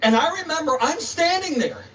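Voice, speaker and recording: A man's voice: extremely high pitch, expressive, normal speed, fairly bright tone. A male preacher telling a story in a sermon, dramatic and emphatic, acting out the voices, recorded on a distant mic. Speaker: preacher, guest speaker.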